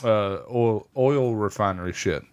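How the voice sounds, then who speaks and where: A man co-hosting a casual chat with sarcastic, deadpan jokes. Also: on the low side, a little slow, clean tone. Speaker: podcast co-host.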